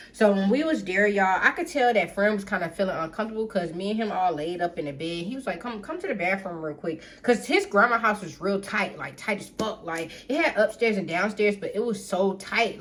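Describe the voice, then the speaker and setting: A woman telling a personal story to her viewers in a casual storytime, chatty and blunt, calling out to them as y'all. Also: mid-range voice. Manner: animated, reenacts others in quick asides. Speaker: storytime vlogger.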